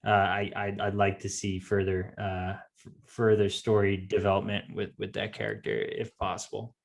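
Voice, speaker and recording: Low-pitched male podcast co-host, halting recap delivery. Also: level tone, vocal fry. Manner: halting, full of ums and uhs, recapping. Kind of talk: casual chat.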